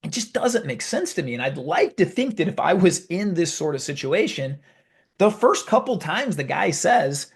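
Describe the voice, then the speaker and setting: A man hosting a video, telling a story in a casual, animated, conversational way. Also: a little high, normal speed, slightly rough. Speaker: video host. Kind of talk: casual talk to camera.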